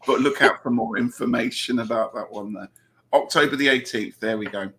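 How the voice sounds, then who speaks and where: A man's voice: medium pitch, a little fast, vocal fry, bright, forceful tone, slightly rough. A man with a Southern English accent hosting a casual live-stream chat, reading out viewer comments and laughing often. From England. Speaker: host.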